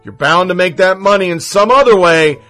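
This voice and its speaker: Brief: man doing a Southern older woman, preachy and demanding, slow drawl, highish voice. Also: a bit bright, soft background music.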